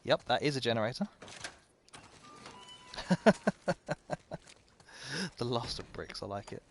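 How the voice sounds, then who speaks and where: A man's voice: mid-range voice, slow pace, slight background noise. A man commentating live as he plays a video game, chatty and self-mocking, often talking to the game itself. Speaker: game streamer.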